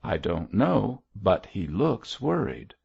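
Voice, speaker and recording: A man voicing a demure, proper young woman in an audiobook, speaking gently and reprovingly. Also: on the low side, very animated, takes it slowly, creaky, husky, highs cut off, exaggerated voice.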